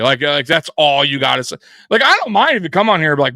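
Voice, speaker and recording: Excitable, profane man, bright voice. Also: on the high side, fast talker, no echo, clean studio sound. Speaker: co-host of sports show. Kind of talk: casual live sports chat.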